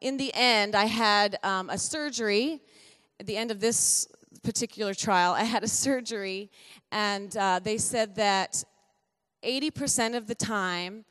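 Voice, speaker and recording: Middle-aged woman, relaxed testimony at church, talkative and self-correcting, long hall reverb. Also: mid-range voice, a little slow, clear, resonant tone. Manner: chatty, self-correcting storyteller with light laughs. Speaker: pastor's wife giving a testimony.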